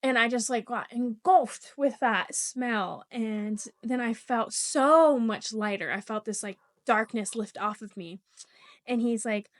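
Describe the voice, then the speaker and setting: A young woman hosts a casual podcast chat, telling a story in a fairly high voice. She is animated and swears freely. She laughs in the middle of sentences. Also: measured pace. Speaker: podcast host.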